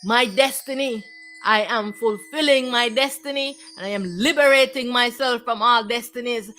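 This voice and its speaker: A woman's voice: on the high side, bright, forceful tone, low-quality recording. A woman giving a repetitive, declamatory spiritual monologue. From Jamaica. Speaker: spiritual teacher.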